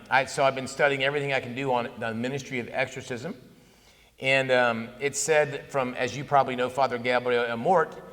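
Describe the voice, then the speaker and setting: A man in his fifties giving a conversational, animated talk on Catholic faith at a conference, telling stories with asides. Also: mid-range voice. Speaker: conference speaker. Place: conference hall. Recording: long hall reverb.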